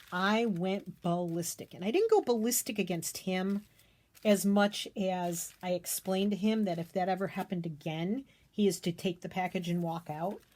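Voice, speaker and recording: A middle-aged American woman vlogging from her craft space, telling an animated, indignant story with emphatic repetition. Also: medium pitch. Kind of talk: casual ranting story to camera.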